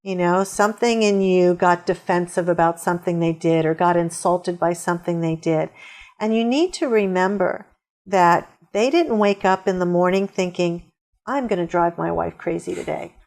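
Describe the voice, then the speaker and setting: A woman's voice: on the low side, moderate pace, a little mellow. A middle-aged woman answering interview questions with upbeat, storytelling advice. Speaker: guest author.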